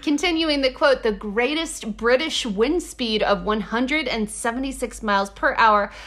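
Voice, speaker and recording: A woman co-hosting a chatty podcast with a fairly high voice. She jokes sarcastically and swears casually. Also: unhurried, a bit bright. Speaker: podcast co-host. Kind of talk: casual chat.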